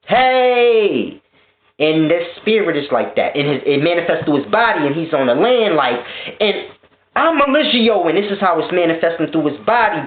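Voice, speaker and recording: A man ranting in a casual spiritual vlog monologue, profane and animated, often laughing. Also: fairly high pitch. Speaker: spiritual vlogger. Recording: tinny phone-like echoey sound.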